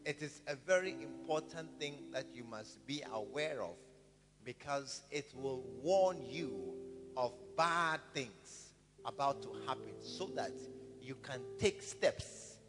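A man's voice: medium pitch, animated, takes it slowly. Male pastor, mid-range voice, storytelling sermon, calls for amens; reverberant church, guitar behind. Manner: storytelling preacher, repeats phrases, calls for amens. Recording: reverberant hall with guitar music.

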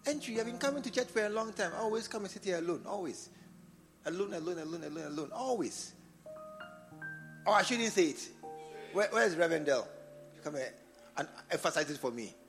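Ghanaian bishop preaching with lively pitch. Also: male voice, brisk, pauses often, faint music behind. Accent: Ghanaian English. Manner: call-and-response, repeats phrases, swings from quiet to shouting. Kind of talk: sermon. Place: church service.

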